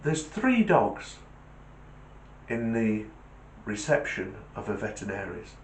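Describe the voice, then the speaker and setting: A man's voice: lowish voice, sing-song, slow pace, slight background noise. Chatty man talking in an echoey room. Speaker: channel host. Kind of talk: casual talk to camera and joke telling.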